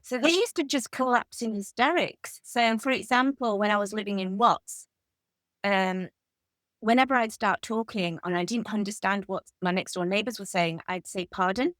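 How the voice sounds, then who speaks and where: An English woman in her fifties, a guest author in an interview, telling lively anecdotes. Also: mid-range voice, normal speed, dry recording. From England. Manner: animated anecdotal storytelling. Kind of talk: conversational interview.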